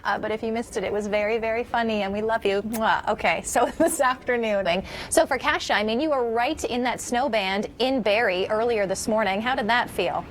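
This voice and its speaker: A woman's voice: a little high, a little fast, few pauses, slight background noise. A woman hosting a morning news show from the studio, joking with a colleague in a playful way and laughing often. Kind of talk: live studio banter.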